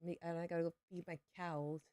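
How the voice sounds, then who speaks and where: A woman's voice: lowish voice, level tone, fairly quick, mellow, no room sound, studio quality. A young adult woman streaming a farming game, chatting playfully with her viewers. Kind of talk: casual livestream chat while gaming.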